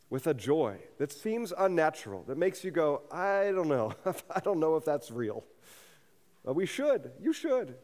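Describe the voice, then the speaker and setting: In a church sanctuary, a pastor delivers his sermon in a slightly mellow, mid-range voice, starting earnest and rising to fervent emphasis. The long reverb of the hall is audible throughout the recording.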